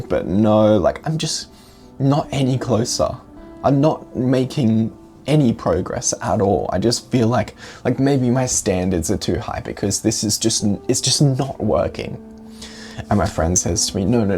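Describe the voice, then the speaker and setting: Lively young man telling a story. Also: sits low, vocal fry. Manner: casual, reflective, with many fillers like "you know". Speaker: dating vlogger. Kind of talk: personal storytelling to camera.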